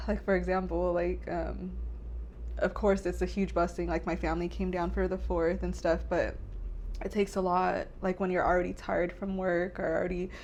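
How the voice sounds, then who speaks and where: A woman's voice: lowish voice, level tone, normal speed, darkish tone. A young woman hosts a chatty podcast, talking in long rambling runs full of fillers. She sounds tearful and emotional. A faint hum of ambience sits under her voice. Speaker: podcast host. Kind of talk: casual chat.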